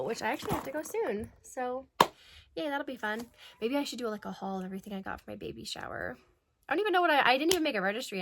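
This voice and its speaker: A woman's voice: a little high, background noise. Bubbly woman chatting while getting ready. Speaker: vlogger. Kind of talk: casual get-ready-with-me chat.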